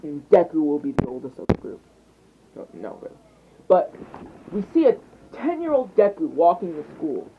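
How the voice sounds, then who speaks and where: A man's voice: on the high side, huge pitch swings, moderate pace, long pauses, background noise. Rambling young man telling a fan story. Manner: rambling, hesitant, with restarts. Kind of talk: improvised fan-fiction narration. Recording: tinny phone mic.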